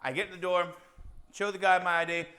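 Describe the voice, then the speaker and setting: A man co-hosting a podcast, telling a long anecdote in a casual, animated way and acting out the quotes. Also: high-pitched, fairly quick. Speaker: podcast co-host. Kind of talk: casual storytelling.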